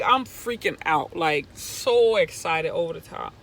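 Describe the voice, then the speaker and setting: A young woman vlogger telling a personal story in an animated way, going from hushed to loud when excited. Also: on the low side, normal speed, hardly any pauses, rough recording. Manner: excitable, swings from hushed to near-shouting.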